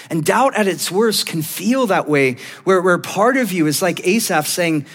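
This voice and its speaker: A man's voice: high-pitched, expressive, moderate pace, few pauses, fairly bright tone, in a large hall. A male pastor preaching a sermon in a church, telling stories animatedly and laughing often.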